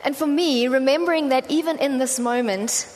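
A woman's voice: sits high, moderate pace, a little mellow. A woman preacher with a South African accent, giving a conversational sermon and telling stories with acted-out voices. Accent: South African English. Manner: chatty storytelling, acting out quoted voices. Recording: reverberant hall with faint ambient noise.

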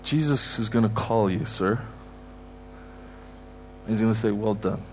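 A man's voice: fairly low pitch, measured pace, a little mellow. Canadian guy preaching in a church, emphatic and repetitive, faint hum behind. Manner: emphatic, repetitive, heartfelt blessings. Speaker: guest preacher. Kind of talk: sermon. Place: church sanctuary.

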